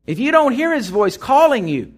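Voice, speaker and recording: Folksy Texan preacher, lively pitch. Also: male voice, moderate pace. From Texas. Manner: folksy storytelling, swings from loud to hushed. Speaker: pastor. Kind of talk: sermon.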